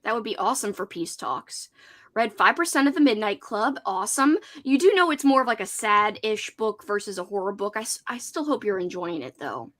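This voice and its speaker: A woman's voice: medium pitch, lively intonation, fairly quick, fairly bright tone. A woman hosting a casual livestream hangout, chatty and giggly, reading out viewers' comments. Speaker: host. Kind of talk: casual livestream chat with guests.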